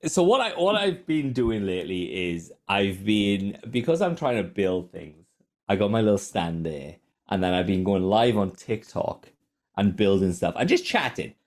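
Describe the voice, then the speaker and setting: A man in his forties co-hosting a podcast, telling stories in a casual, swearing, animated way. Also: on the low side, normal speed. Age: 40s. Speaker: podcast co-host. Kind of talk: casual chat.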